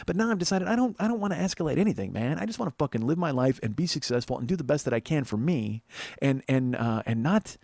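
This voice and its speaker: Fast-talking profane man telling a story. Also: medium pitch, no echo. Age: 40s. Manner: profane, rambling, animated. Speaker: podcast host. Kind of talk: storytelling monologue.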